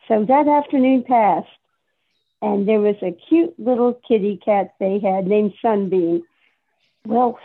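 A woman's voice: mid-range voice, breathy edge. Woman reading a story over a tinny line. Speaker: workshop participant. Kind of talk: reading her own short story.

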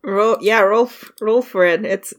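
A woman running a tabletop game as game master, describing scenes haltingly and calling for dice rolls. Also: mid-range voice.

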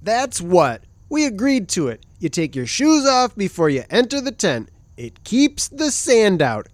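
An actor voicing a fussy, easily exasperated male explorer in a comedic audio drama, with whiny, yelling outbursts. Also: mid-range voice, big pitch swings, unhurried, dry recording. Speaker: performer and show introducer.

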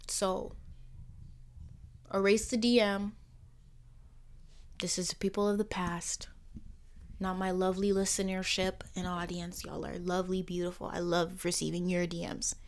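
A young woman from the Caribbean hosting her own podcast in a personal monologue. Her voice sits at a middle pitch, and she swings between emphatic, rhetorical questions and soft, near-whispered asides. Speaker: podcast host.

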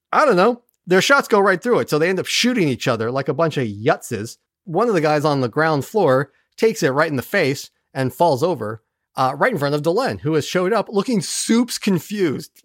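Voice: mid-range voice, no echo, clean studio sound. A podcast host giving a casual, sarcastic recap of an episode, swearing freely and mimicking characters along the way.

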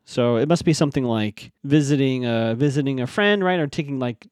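A man casually recapping a TV episode as a podcast host, acting out the characters' lines in quick voices. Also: mid-range voice, darkish tone, no echo, studio quality.

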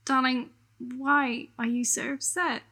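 A woman player in a tabletop game who speaks in character in a formal, measured, gentle way. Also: high voice, steady tone, slightly rough. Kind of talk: in-character tabletop role-play.

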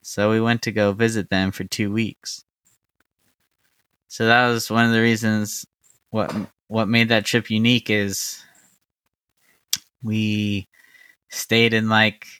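Man, deadpan podcast host, slow unhurried delivery, crisp resonant voice, close dry sound. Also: fairly low pitch, no echo. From Arizona. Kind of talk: casual chat.

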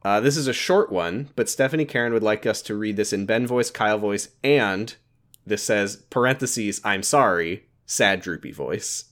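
A man's voice: on the low side, normal speed. A man casually wrapping up a podcast episode, loose and joking, with fillers and the odd swear. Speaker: podcast host.

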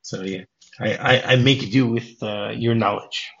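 A man's voice: lowish voice, a little slow, vocal fry, fairly bright tone, muffled recording. A man hosting a casual movie podcast who retells film scenes and acts out the characters' lines. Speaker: podcast host.

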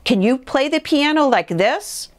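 A woman's voice: animated, measured pace. A woman voicing a boastful male toad who shows off and then panics, read from a storybook during a sermon. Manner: high, crying out.

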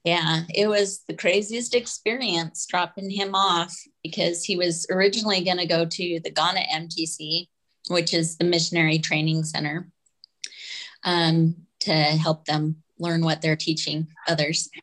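Woman, podcast guest, slow and unhurried, hesitant with soft laughs. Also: fairly low pitch, fairly even intonation, poor audio. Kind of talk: casual interview chat.

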